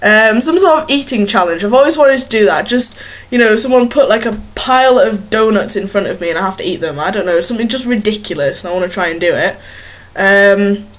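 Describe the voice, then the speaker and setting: A woman's voice: medium pitch, animated, brisk. A young woman chatting casually to a webcam in a small bedroom, rambling and giggling at herself. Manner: rambling, giggly, self-mocking. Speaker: vlogger. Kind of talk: casual chat to camera.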